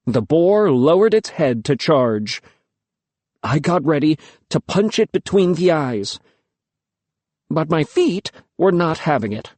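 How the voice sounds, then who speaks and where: A man's voice: on the high side, very animated, slow pace, pauses often, darkish tone, no echo. A man narrating an audiobook in the first person, telling the story expressively and without hurry.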